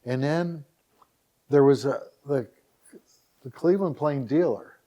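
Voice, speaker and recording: Middle-aged man from Northeast Ohio, podcast guest, warm mellow voice, lively and chatty storyteller who acts out dialogue. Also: medium pitch, unhurried, muffled recording. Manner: animated anecdote teller who acts out dialogue and keeps repeating "all of a sudden". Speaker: podcast guest, website founder. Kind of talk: casual storytelling interview.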